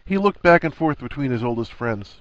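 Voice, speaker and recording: A man reading a story aloud with expressive, melodic narration. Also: mid-range voice, brisk, dry recording, muffled recording. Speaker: reader.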